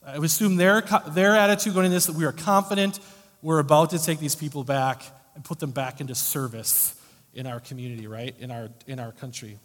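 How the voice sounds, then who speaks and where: A man preaching a sermon in a conversational, wry way, swinging between loud emphasis and quiet asides. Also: a little high, a little fast. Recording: long hall reverb.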